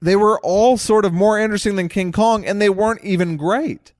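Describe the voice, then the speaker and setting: A man co-hosting a podcast, blunt and sarcastic in casual movie talk. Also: sits high. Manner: blunt, sarcastic, quick jokes. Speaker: podcast co-host. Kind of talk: casual movie review chat.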